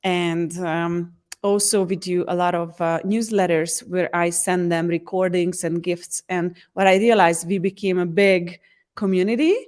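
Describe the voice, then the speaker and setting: Speaking at a measured pace in a lowish voice, an empowerment coach responds earnestly to interview questions. She often starts her sentences over and brings quotes to life with lively acting.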